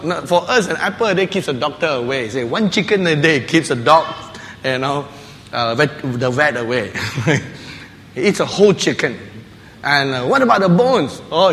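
A man preaching a sermon, telling a lively story with laughs and playful barking sounds. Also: on the high side, a little hiss or hum. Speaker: pastor. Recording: long hall reverb with faint ambience.

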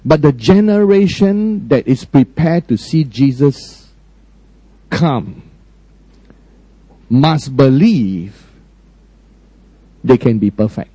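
A man preaching a sermon emphatically, often questioning his listeners and swinging between high, raised lines and low, quiet ones. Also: animated, takes it slowly, long pauses, slightly rough, no room sound, rough recording. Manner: frequent direct questions to the congregation.

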